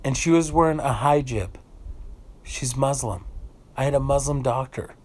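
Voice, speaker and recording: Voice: mid-range voice, normal speed, darkish tone. A vlogger from the United States giving an emotional, unscripted rant, indignant and swearing freely, often repeating phrases while searching for words.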